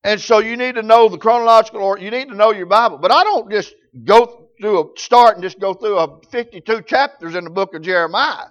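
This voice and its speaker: A man's voice: high-pitched, brisk, few pauses, a bit bright, highs cut off. A man preaching a sermon, telling folksy stories in rural grammar.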